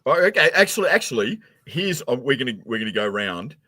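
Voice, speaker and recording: A man's voice: medium pitch, big pitch swings, fast, pushed and bright, no echo. A man hosting a beer review livestream, talking in rambling restarts and teasing his guests. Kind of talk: casual chat on a livestream. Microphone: remote stream call.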